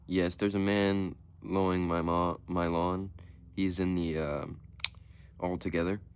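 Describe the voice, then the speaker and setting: A man's voice: low voice, little pitch movement, unhurried, clear, resonant tone. A man voicing a flustered, exasperated middle-aged suburban homeowner. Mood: frantic. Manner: frantic, exasperated.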